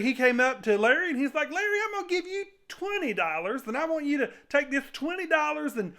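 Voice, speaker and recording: A man plays a sheepish servant spilling his side of the story in a comic interview. He rambles on with fillers and a folksy y'all. The voice is bright and his pitch jumps around a lot. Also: exaggerated voice. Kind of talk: comedic skit interview.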